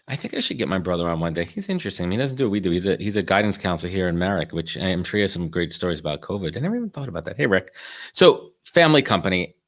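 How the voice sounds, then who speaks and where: A man's voice: low-pitched, lively intonation, racing, a bit bright. A man hosting a live podcast interview, chatty and enthusiastic as he asks questions. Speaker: podcast host.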